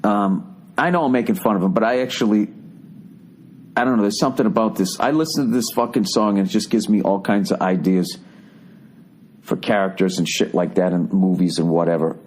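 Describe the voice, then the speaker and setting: Speaking fairly quickly in a lowish, somewhat mellow voice, a middle-aged Boston-accented man delivers a comic monologue on his podcast. He rants with incredulity and lots of profanity, mock-singing quotes as he goes.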